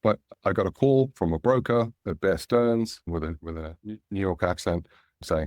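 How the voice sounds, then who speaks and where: Aussie guy in his 50s spinning a yarn in an interview, low voice, dry close mic. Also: normal speed, no room sound. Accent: Australian. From Australia. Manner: anecdotal, animated when quoting others. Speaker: guest, angel investor. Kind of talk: relaxed storytelling interview.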